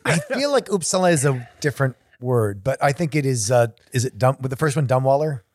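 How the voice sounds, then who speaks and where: A man co-hosting a casual podcast, playful with quick reactions. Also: medium pitch, expressive, a little mellow, no echo, clean studio sound. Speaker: podcast co-host.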